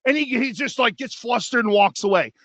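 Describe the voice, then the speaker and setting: High-voiced man telling a heated story. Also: lively intonation, brisk, a bit bright, no room sound. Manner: profane, worked-up anecdote with acted-out quotes. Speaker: radio show host. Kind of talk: animated storytelling, casual chat.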